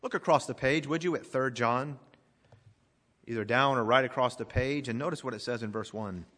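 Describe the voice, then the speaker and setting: A man preaching a sermon as pastor, emphatic, swelling loud then dropping to a hush. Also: medium pitch, moderate pace, in a large hall.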